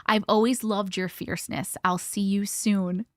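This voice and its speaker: A woman voicing a faceless man in a dream who speaks gently and protectively. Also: mid-range voice, steady tone, measured pace, no echo, studio quality, natural voice. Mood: tender.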